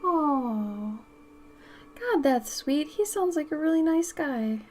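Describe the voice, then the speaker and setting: A woman's voice: high voice, lively intonation, takes it slowly, a little mellow, faint music behind. A young woman chatting casually with viewers while she paints on a live stream, a bit sniffly from allergies. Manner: chatty, reads out and answers viewer messages, swears when she sneezes. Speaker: art streamer.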